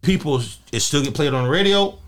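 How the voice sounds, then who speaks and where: A young man chatting casually on a podcast, telling animated stories in loose slang and acting out what others said. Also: fairly high pitch, fairly quick. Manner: animated storyteller, slangy, acts out quotes. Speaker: guest artist and DJ.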